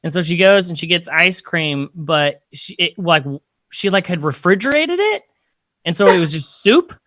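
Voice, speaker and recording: A man's voice: sits high, lively intonation, normal speed, fairly bright tone, no room sound, clean studio sound. A young man telling a comedy story in a casual, rambling, self-deprecating way, full of fillers.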